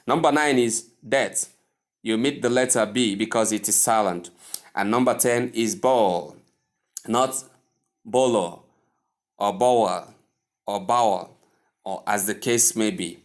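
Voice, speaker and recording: A man with a Nigerian English accent teaching pronunciation in a formal, deliberate way, repeating words to contrast right and wrong forms. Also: lowish voice. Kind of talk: slow deliberate pronunciation lesson.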